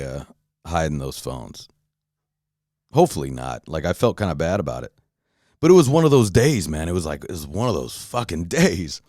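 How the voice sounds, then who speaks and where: A man hosting a podcast, telling a profane, animated story in a casual rant with many restarts. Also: low voice, no room sound, clean studio sound. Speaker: podcast host.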